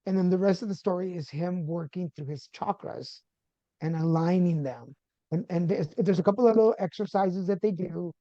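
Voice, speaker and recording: Animated man telling a personal story. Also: high voice, normal speed, no echo, dull audio. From Texas. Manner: animated, acts out quoted dialogue. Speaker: podcast guest. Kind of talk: conversational storytelling.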